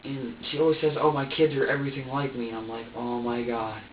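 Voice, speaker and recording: Guy in a police interview, halting, keeps repeating himself, dull far-off mic, roomy echo. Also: fairly even intonation. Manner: halting and repetitive, voice often sinking low. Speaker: person being questioned by police. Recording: dull echoey room recording from afar, faint hiss.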